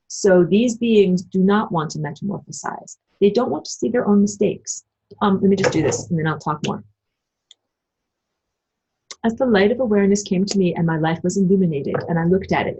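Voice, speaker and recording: A woman talking casually about spiritual ideas and answering her live chat, acting out quoted voices with big jumps in pitch and swearing bluntly. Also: darkish tone, slightly rough, poor audio. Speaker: spiritual channel host.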